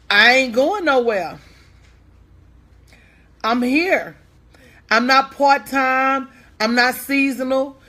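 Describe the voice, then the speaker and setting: A woman's voice: a little high, a bit bright. A woman business coach talking casually to her online audience, folksy and candid, calling out viewers by name.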